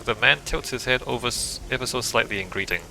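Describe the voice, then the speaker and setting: A man's voice: mid-range voice, quick pace, creaky, music in the background, low-quality recording. A man playing through a video game, reading its text aloud and adding dry, amused asides. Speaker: game streamer.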